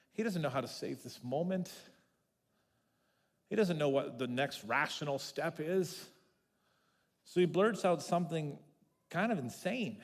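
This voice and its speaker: A man pastor preaching a sermon, telling the story in an animated way and repeating words as he builds. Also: on the high side. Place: church sanctuary. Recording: long reverb of a church hall.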